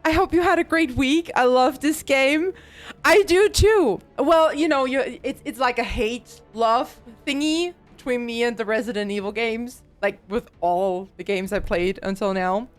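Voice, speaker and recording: Girl streamer freaking out over a horror game, high voice, slow between screams, faint music behind. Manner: panicky, frequent screams and laughter. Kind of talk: live gameplay streaming with chat.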